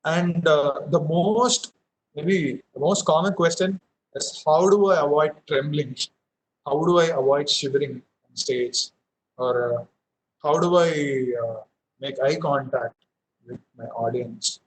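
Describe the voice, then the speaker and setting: Using headphones with a mic, this young man from India explains public speaking slowly, showing how to use emphasis, though his delivery is full of fillers and restarts. His voice sits on the high side, and the recording is rough.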